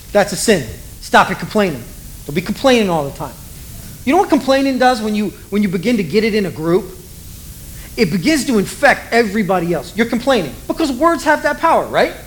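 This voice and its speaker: A man preaching a sermon, telling a Bible story in a lively way and acting out the voices of the people in it. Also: high voice, slight background noise, low-quality recording. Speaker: pastor.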